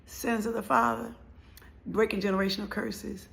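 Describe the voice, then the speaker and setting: Gravelly-voiced woman telling her story. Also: mid-range voice, fairly quick. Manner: emotional, animated, acts out quoted voices. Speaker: motivational speaker. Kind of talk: personal storytelling monologue.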